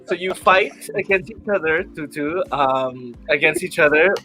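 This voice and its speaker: A man's voice: fairly high pitch, loud music behind the voice, rough recording. A man guest on a casual podcast, talking hesitantly with many fillers. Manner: slow, hesitant, filler-heavy.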